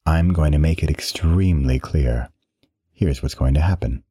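A man's voice: extremely low pitch, mellow, slightly rough, no echo, clean studio sound. A man voicing a mocking, menacing tormentor who talks in a snide, uppity way while reading a story aloud. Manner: sneering, snarky, drawn-out threats.

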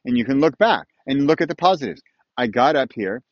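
A man hosting a self-recorded motivational monologue, playful and self-mocking, swinging between punchy lines and quiet asides. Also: medium pitch, animated, a little fast, dry recording, lo-fi sound. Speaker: weekly video host. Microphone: camera mic, self-recorded.

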